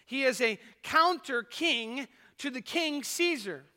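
A man's voice: very high-pitched, lively intonation, takes it slowly, sharp tone. A man preaching a sermon as pastor, earnest and swelling and dropping in volume as he retells a scene. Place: church sanctuary. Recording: echoey church hall.

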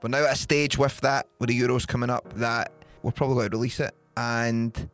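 A man's voice: mid-range voice, level tone, a little fast, fairly bright tone, faint music behind. A man hosting a podcast, chatting casually and teasingly summing up a co-host's story for listeners. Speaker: podcast host. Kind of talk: casual chat.

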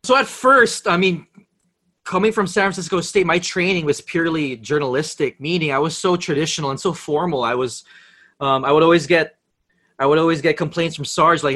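Young DJ, high voice, lively raconteur, casual. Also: male voice, fairly quick. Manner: animated storyteller, laughs often, mimics voices. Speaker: radio DJ and podcast guest. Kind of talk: casual chat.

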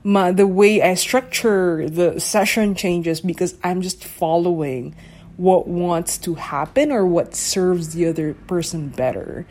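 A woman's voice: fairly low pitch, slow pace, a little mellow. A woman hosting a casual solo podcast, musing aloud, searching for words and often checking whether the listener follows. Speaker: podcast host.

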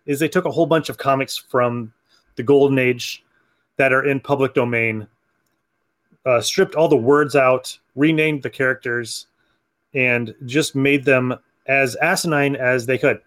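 A man's voice: medium pitch, fairly even intonation, measured pace, fairly bright tone. A man hosting a comic book podcast, chatting casually, laughing often and acting out lines from comics. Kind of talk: casual chat.

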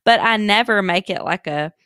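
A young woman co-hosting a podcast in casual chat, expressive and quick to agree. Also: medium pitch, smooth, dry recording, studio quality. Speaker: podcast co-host.

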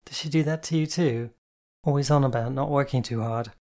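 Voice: mid-range voice, brisk, a little mellow, natural voice. A reader voicing a playful, flirty woman who calls everyone darling. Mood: chirpy. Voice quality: chirpy, camp endearments. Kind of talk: audiobook character voice.

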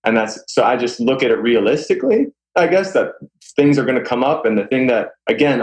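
A young adult man, a guest in a relaxed interview, with a low-pitched voice. He speaks sincerely and at ease, with a soft chuckle now and then. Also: poor audio. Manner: sincere, easygoing, light chuckles. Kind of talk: casual interview chat.

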